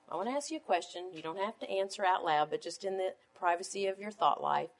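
A woman teaching a Bible study to other women, reading scripture in a measured cadence and leaning on rhetorical questions. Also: mid-range voice. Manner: emphatic, asks rhetorical questions.

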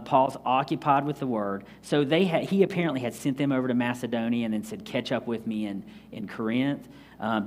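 Man preaching, casual Bible study talk, acts out little scenes, mid pitch. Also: a little hiss or hum. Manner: conversational, acts out scenes with quick asides. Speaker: pastor. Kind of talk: Bible teaching sermon.

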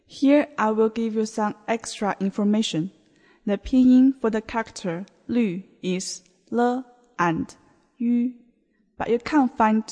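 A woman teaching a beginner language lesson on a podcast, explaining words in a slow, clear way. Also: fairly high pitch, warm tone. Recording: long hall reverb.

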